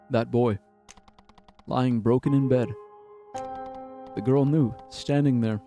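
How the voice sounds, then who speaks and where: A streamer reading a story game aloud with expression and blurting out swearing reactions. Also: male voice, medium pitch, dark tone.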